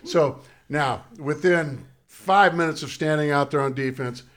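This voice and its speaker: His voice a little high and his pace a little slow, a middle-aged ex-ballplayer who played first base professionally recounts a story as a guest in easygoing conversation. He stays animated, laughing along the way.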